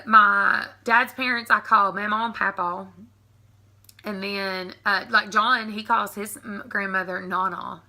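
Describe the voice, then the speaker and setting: Her voice is medium-pitched, pushed and bright, with vocal fry. She's a Southern American woman in her thirties, a vlogger who chats, giggles, and ums frequently during a casual accent tag video.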